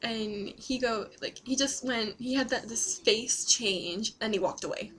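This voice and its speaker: A woman's voice: a little high, unhurried, a bit bright, a little hiss or hum, low-quality recording. A young woman vlogging, telling a story casually and laughing often as she talks.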